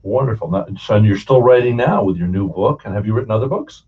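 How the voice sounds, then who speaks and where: A man's voice: fairly low pitch, expressive, fast talker, husky. A male interview host, enthusiastic and chatty, full of fillers, asking about a guest's career. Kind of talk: casual interview. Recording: muffled, distant mic.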